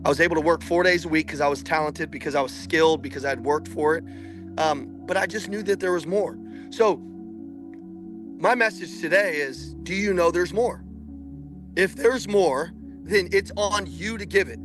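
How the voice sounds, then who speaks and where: A man with a high, ringing voice gives a fired-up motivational talk to salespeople, preaching hard and climbing to shouts. Faint music sits under him. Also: moderate pace. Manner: intense, preachy, builds to shouting. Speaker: sales coach. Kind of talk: motivational speech.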